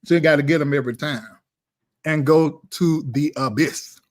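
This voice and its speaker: A man's voice: fairly high pitch, moderate pace. A man hosting a casual live-stream chat, talking in a blunt, emphatic, preachy way. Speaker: live show host.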